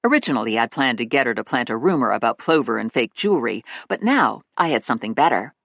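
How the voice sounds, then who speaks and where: Wry, lively audiobook narrator. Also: mid-range voice, fast talker, gravelly, no room sound, muffled recording. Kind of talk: scripted narration.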